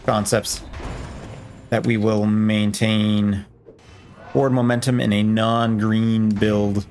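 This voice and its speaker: A man's voice: fairly low pitch, little pitch movement, slow pace, a little mellow, a little hiss or hum. A man giving casual, playful commentary while playing a video game, rambling with joking asides to himself. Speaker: let's play gamer.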